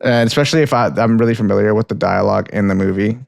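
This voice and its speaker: Man, podcast co-host, gravelly voice, dry close sound, rambling casual talk. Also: fairly low pitch, racing, dry recording. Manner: relaxed, rambling, laughs often. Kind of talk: casual chat.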